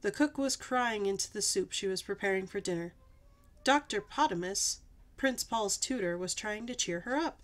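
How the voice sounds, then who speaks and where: A woman storyteller reading a children's picture book aloud, with an expressive, animated delivery. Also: medium pitch, normal speed.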